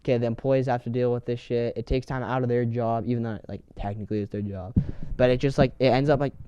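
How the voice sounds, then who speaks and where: Mellow young man, filler-heavy. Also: medium pitch, fairly even intonation, quick pace, smooth. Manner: laid-back, heavy filler "like", swears. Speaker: podcast co-host. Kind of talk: casual podcast chat. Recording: dull, dry lo-fi sound.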